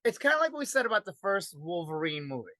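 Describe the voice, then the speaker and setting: A man's voice: high voice, big pitch swings, fast, bright, forceful tone, no echo. A man with a Brooklyn accent hosting a casual podcast chat, rambling and repeating himself. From Brooklyn, New York. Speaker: podcast host.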